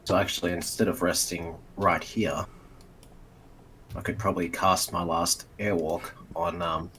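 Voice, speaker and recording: Deep-voiced casual player. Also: male voice, flat delivery, measured pace, bright, forceful tone, a little hiss or hum. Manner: casual, thinking aloud. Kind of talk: casual game talk.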